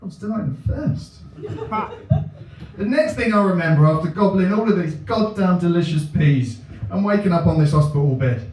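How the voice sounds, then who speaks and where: A man doing a deadpan, self-mocking stand-up set in a comedy venue. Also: sits high, moderate pace, a little hiss or hum. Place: comedy venue with a live audience. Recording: echoey room, mic at a distance.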